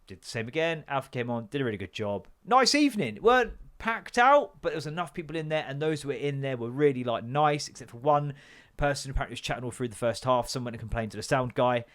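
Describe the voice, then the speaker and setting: A man's voice: mid-range voice, lively intonation, fast, fairly bright tone. A man hosting a podcast, chatting casually and swearily, joking and acting out quotes in other voices. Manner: sweary, jokey, acts out quotes. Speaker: podcast host and comedian. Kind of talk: casual rambling chat.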